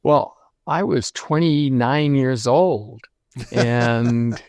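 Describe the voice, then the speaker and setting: An older man recalls his career in an unhurried, reflective way, full of ums and restarts. His voice sits at an ordinary pitch. The sound is dry and close. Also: a little mellow, no echo. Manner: reflective storytelling, many fillers. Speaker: guest, lighting designer. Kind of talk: casual interview conversation.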